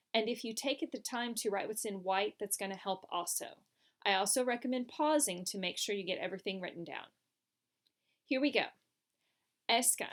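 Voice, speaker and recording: A woman teaching a French lesson, explaining patiently step by step over slides. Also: a little high. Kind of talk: recorded classroom lesson.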